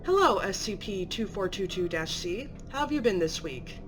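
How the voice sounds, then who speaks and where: A woman voicing a calm, polite female doctor who conducts interviews in a measured tone. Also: mid-range voice, music in the background, natural voice.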